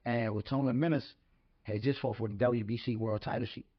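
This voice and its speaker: A man's voice: medium pitch, steady tone, moderate pace, husky. A man and former boxer, a podcast guest, telling stories in casual talk. He rambles and repeats words as he starts his thoughts. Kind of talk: casual storytelling. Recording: slightly dull lo-fi podcast audio.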